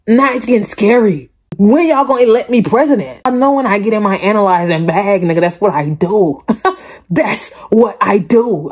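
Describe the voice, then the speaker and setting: A woman's voice: medium pitch, slightly rough. A woman hosting a reaction video, chatting casually and emphatically to her viewers and repeating her points. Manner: animated, emphatic, repeats herself, addresses viewers directly.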